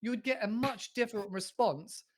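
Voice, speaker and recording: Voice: mid-range voice, moderate pace. An interview host with a mid-range voice, talking casually and loosely. The host wanders through long, rambling questions with frequent restarts. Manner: rambling, with many restarts and a chatty tone. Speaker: host of an English-learning channel.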